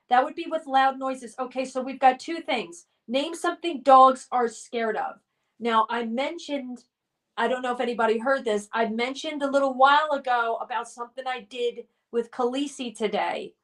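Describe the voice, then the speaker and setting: A woman's voice: sits high, fairly bright tone, far from the mic. A woman hosting a casual live stream game, reading out viewers' comments and cheering them on. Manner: reads viewer comments aloud, cheerful and encouraging.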